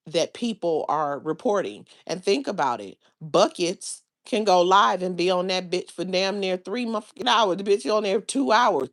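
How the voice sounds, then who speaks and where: A woman's voice: fairly low pitch, a bit bright. A woman hosting her own livestream, talking to her viewers in a blunt, profane, rambling way. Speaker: livestream host. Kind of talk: casual livestream chat.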